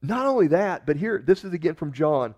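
A man preaching a sermon in a conversational way, acting out the quoted lines with sudden shifts in loudness and tone. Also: on the high side, very animated, brisk. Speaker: pastor.

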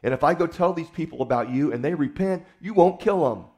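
A man's voice: a little high, expressive, a little fast, darkish tone, voice pushed up, close to an everyday voice. A man preaching a sermon who voices a stubborn, grudging male prophet in a blunt, casual, complaining tone.

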